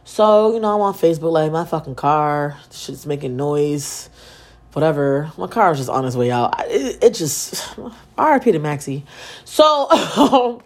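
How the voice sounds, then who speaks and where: Young woman podcaster, casual solo storytelling, profane and slangy, with a lively swinging pitch. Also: measured pace. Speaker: podcast host.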